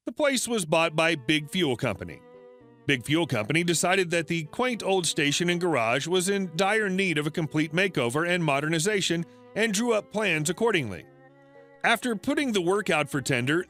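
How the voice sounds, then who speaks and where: A man narrating a first-person story in an even, scripted storytelling manner. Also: fairly high pitch.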